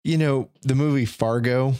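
Middle-aged male guest, even mid pitch, thoughtful and self-deprecating, dry close recording. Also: moderate pace, clear, resonant tone, dry recording. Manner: reflective, thorough, self-deprecating. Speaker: podcast guest. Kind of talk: casual conversational interview.

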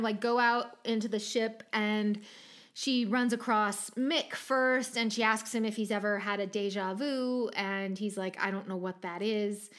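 A woman recapping a TV episode in casual chat, talking loosely with lots of "like" and frequent laughs. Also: fairly high pitch. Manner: chatty, many filler "like"s, laughs often. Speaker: podcast co-host recapping a TV episode.

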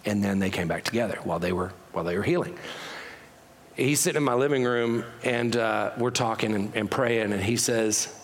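A man's voice: fairly low pitch, brisk, in a large hall, slight background noise. A man preaching a storytelling sermon as pastor, talking conversationally and often correcting himself mid-sentence.

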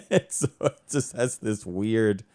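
Low-pitched male stage actor in relaxed conversation; lively anecdotes, quick to laugh. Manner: animated storyteller, laughs often. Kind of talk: casual conversation.

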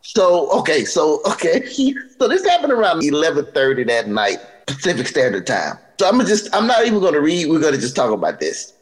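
A young man hosts a comedy podcast in a loose, casual chat. His voice sits fairly high and swings widely in pitch. He keeps laughing as he reads a story aloud. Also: wildly swooping pitch, brisk, low-quality recording. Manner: laughs often while reading aloud. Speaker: podcast host.

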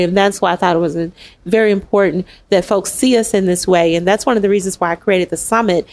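Over a video call, the host and founder of the summit leads a candid online panel, her mid-range voice a little mellow. Earnest and animated, she drops in quick asides and laughter as she talks.

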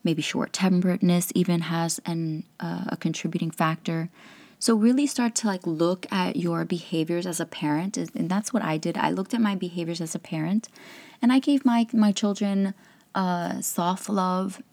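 Low, gravelly woman giving candid advice. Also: fairly even intonation, normal speed, a little mellow. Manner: candid, chatty, laughs often. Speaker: podcast host and life coach. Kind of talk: casual advice monologue.

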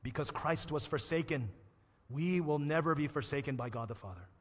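A man's voice: on the high side, moderate pace, husky, big-room sound. A man preaching a sermon as pastor, building his rousing points through repeated phrases.

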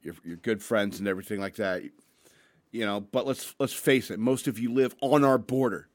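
A man's voice: on the low side, moderate pace. A man hosting a show, ranting bluntly with crude language and reading news stories, a bit tipsy after some beers. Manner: blunt, crude, rambling with restarts. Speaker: podcast host.

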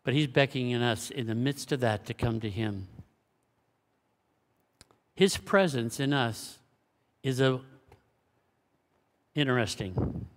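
A man preaching a sermon as pastor, swinging between loud exclamations and hushed, low passages. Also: slow pace, long pauses. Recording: long hall reverb.

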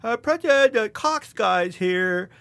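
A man putting on the voice of an older mother, pitching up into a prim, mildly scolding tone. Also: lively intonation, measured pace, vocal fry, a bit bright, exaggerated voice. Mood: polite.

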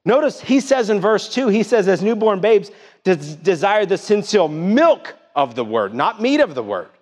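A man's voice: sits high, very animated, moderate pace, a little mellow, long reverb tail. A middle-aged man preaching a sermon in a church, emphatic and full of questions to the congregation. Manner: emphatic call-and-response preaching, rising and falling. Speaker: pastor. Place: church sanctuary.

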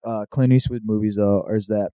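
A young man chatting casually on a comedy podcast, laughing often, swearing freely and slipping into quick silly voices. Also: lowish voice, steady tone, mellow, clear, resonant tone, dry recording.

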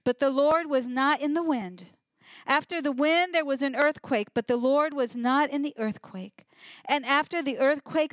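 A woman preaching a conversational sermon, retelling scripture in an animated way and chuckling as she goes. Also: high-pitched, dry recording, clean studio sound.

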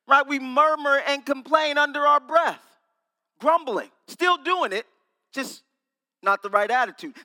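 A man's voice: very high voice, sharp tone, in a large hall. A man preaching a sermon to a small congregation, playfully quizzing and teasing his listeners. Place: small room with an audience.

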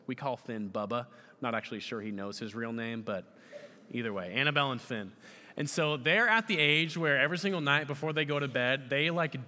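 A man in his thirties preaching a sermon, animated and often putting questions to the audience. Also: mid-range voice, in a large hall. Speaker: pastor.

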